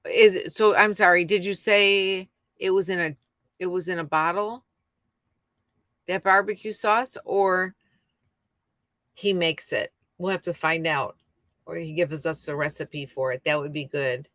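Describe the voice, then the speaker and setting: A woman's voice: on the low side, fairly even intonation, measured pace, pauses often, a bit bright, no room sound, clean studio sound. A middle-aged woman hosting a casual livestream from home, rambling and chatting with viewers by name. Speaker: YouTube livestream host. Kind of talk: casual live chat with viewers.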